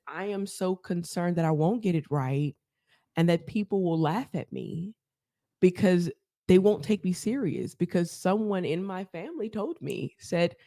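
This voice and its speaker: A woman, a therapist, telling her story as a podcast guest, animated and laughing often as she acts out quotes. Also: on the low side, no echo, clean studio sound. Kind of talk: casual storytelling interview.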